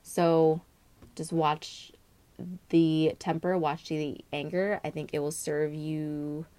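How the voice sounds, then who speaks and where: A young woman with a notably low voice talks through a monthly tarot reading. Her delivery is casual and meandering, full of fillers and self-corrections. The sound is dry, with no room echo. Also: flat delivery, slow, dark tone, clean tone. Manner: rambling, many fillers and "like". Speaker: tarot reader.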